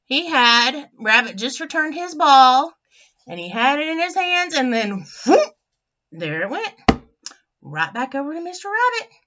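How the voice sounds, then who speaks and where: A woman teacher reading a picture book aloud to children, animated and chatty, with friendly asides. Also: high-pitched, measured pace, slight background noise. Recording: dull lo-fi recording.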